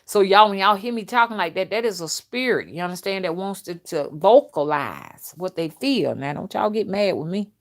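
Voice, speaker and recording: Older woman, live-stream host, casual chat, blunt, loud, laughing, reads viewer comments. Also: mid-range voice, lively intonation, normal speed, hardly any pauses.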